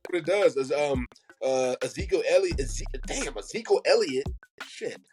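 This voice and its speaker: Male co-host, a bit higher voice, animated and profane, casual football chat with faint music behind. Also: moderate pace. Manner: animated, profane, laughs often. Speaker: podcast co-host.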